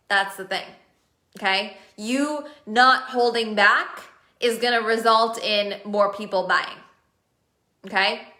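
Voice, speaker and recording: Woman coach live on stream, higher-pitched, eager, asks viewers questions, roomy echo. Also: sharp tone. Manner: enthusiastic, repeats words for emphasis, asks viewers questions. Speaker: business coach running masterminds.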